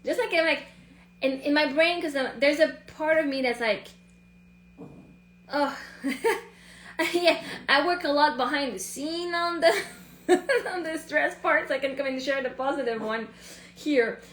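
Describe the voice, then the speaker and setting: A woman's voice: sits high, unhurried, pauses often, fairly bright tone, roomy sound. A woman hosting a casual live stream, rambling and often acting out her own inner thoughts.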